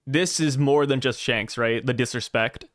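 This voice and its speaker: A man co-hosting a podcast in casual chat, animated and quick with his points. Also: mid-range voice, no room sound, studio quality. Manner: animated, agreeing, quick asides.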